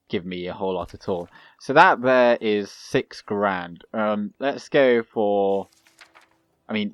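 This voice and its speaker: Chatty guy, low dry voice. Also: smooth, no echo, lo-fi sound. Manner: rambling and chatty, laughs often. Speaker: gaming channel host. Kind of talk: let's play commentary.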